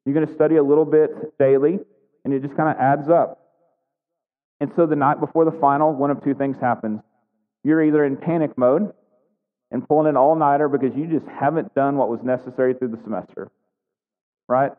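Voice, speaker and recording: A man's voice: mid-range voice, fairly even intonation, brisk, long pauses. A man preaching a sermon in a conversational way, often asking his congregation questions. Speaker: pastor. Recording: tinny phone-like sound, long reverb in a hall.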